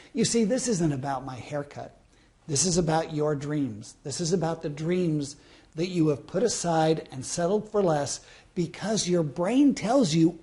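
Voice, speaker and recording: A man's voice: fairly high pitch, warm tone. Storytelling man from Southern California. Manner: storytelling with rhetorical questions to the listener. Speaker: motivational speaker. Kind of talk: motivational self-help talk.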